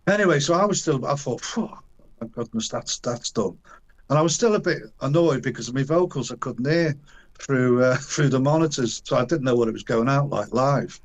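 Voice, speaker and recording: A man's voice: mid-range voice, fairly quick. An older man, a guest in an interview, telling a long casual anecdote in colloquial slang, acting out the voices of the people he quotes and restarting his sentences often. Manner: animated, acts out quoted voices, frequent restarts and chuckles.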